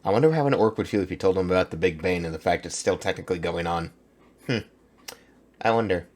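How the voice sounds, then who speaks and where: A man's voice: deep voice, fast, a little mellow. A man hosting a reaction video, talking casually, thinking aloud and swearing freely as he comments.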